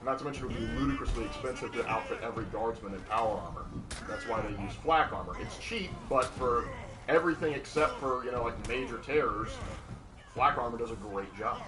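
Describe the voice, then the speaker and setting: A man's voice: medium pitch, brisk, far from the mic, crowd noise. A young man on a casual gaming stream who reads out chat questions and answers them in a joking, trivia-minded way.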